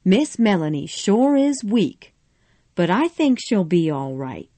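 A devoted older housekeeper fusses and comforts in a mellow, unhurried voice, as a woman reader puts her on. She is a storybook figure, motherly and steady. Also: medium pitch, heavily acted. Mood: tender. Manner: fussing, comforting.

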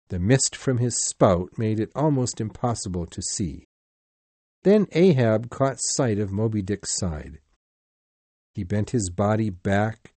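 A man narrating a sea story in a deliberate, clearly paced reading. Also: on the low side, dark tone, dry recording. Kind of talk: slow simplified-English story reading.

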